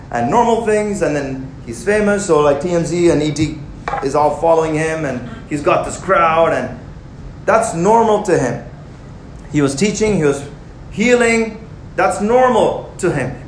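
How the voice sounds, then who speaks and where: A young man preaching a sermon, animated and conversational, with jokes and asides to the congregation. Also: on the high side, unhurried, slight background noise. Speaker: pastor. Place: church hall. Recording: roomy hall with faint ambience.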